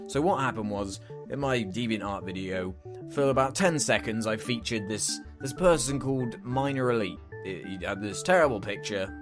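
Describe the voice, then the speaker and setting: A young man hosting a comedy rant show, sarcastic and exasperated, swearing freely. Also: on the low side.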